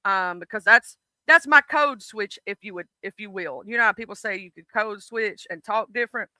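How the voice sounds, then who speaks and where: A man with a Southern US accent hosting a casual stream chat, animated and swearing freely. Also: sits high, moderate pace, no echo. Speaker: stream host.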